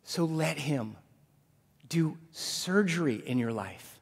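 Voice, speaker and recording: A male pastor preaching a sermon to his congregation in a lively, joking manner. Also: fairly high pitch, slow, vocal fry, husky. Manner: animated preaching, jokes with the congregation. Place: church sanctuary. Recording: long hall reverb.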